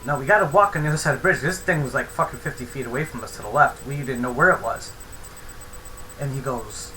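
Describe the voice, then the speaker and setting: A man's voice: medium pitch, fast talker, sharp tone, slight background noise, low-quality recording. A young man telling a rambling, profane story in a casual vlog. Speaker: vlogger.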